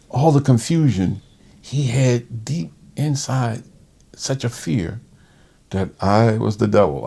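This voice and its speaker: A man who works as a respiratory therapist, telling a personal story in conversation in an animated way. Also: on the low side. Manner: animated, acts out quoted voices.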